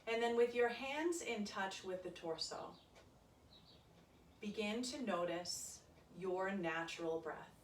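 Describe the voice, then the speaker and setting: Woman yoga instructor, calm soft cueing, roomy echo, set back from the mic. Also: medium pitch, takes it slowly, a little hiss or hum. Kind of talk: guided yoga class instruction. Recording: echoey room, voice from a distance.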